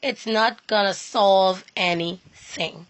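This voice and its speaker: A woman giving an earnest personal talk on faith, repeating herself and restarting phrases as she goes. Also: medium pitch. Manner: earnest and repetitive, with halting restarts. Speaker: inspirational speaker.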